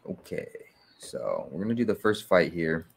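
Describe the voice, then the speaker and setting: In a casual video walkthrough for his sports picks channel, a man methodically explains his numbers one step at a time, using lots of fillers. His voice sits low and sounds gravelly and husky, at a normal speed.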